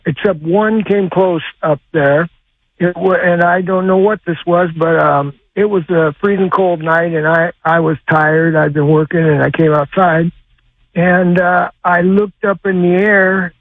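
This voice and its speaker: An older man calling in to a radio show, telling a long story in a rambling, halting way with lots of uhs. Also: on the high side, dry recording. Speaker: caller. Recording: tinny phone line.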